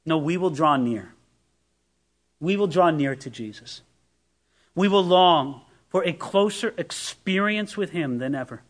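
A man's voice: a little high, animated, measured pace. A man preaching a sermon as pastor, asking rhetorical questions and reading scripture with emphasis.

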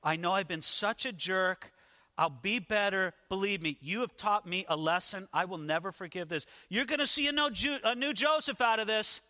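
A man's voice: high-pitched, moderate pace, pushed and bright, long reverb tail. A male preacher voicing a desperate young man trapped in a pit, pleading frantically for help.

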